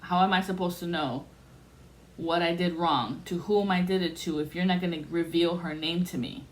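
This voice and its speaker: A podcast host with a fairly low voice and moderate pace tells a personal story bluntly and casually, acting out the voices of the people she quotes. There's faint background noise in the recording.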